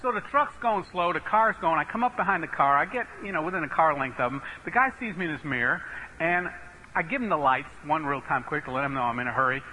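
Emphatic, bright-voiced preacher man. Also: a little high, fast talker, a little hiss or hum, poor audio. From northeastern United States. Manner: animated, emphatic, self-mocking storyteller. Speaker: Baptist preacher. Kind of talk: sermon storytelling.

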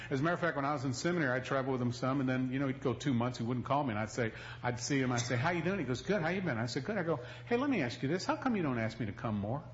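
A middle-aged male pastor preaching an animated sermon, swinging between loud stretches and hushed ones. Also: mid-range voice, muffled recording, slight background noise.

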